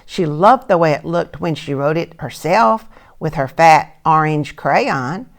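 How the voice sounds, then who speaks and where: Gravelly-voiced older woman reading a storybook. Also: low-pitched, a little slow. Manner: gentle, asks listeners soft questions. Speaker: storyteller, retired teacher. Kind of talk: reading a picture book to children.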